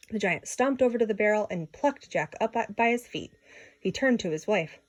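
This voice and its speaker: A woman reading a children's story aloud in an expressive way, with small slips and restarts. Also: mid-range voice, normal speed. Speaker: storybook reader.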